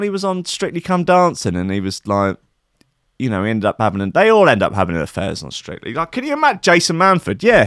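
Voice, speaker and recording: A man's voice: on the high side, a bit bright, no room sound. A man hosting a radio show in casual chat, rambling, sweary and sarcastic, on a studio mic.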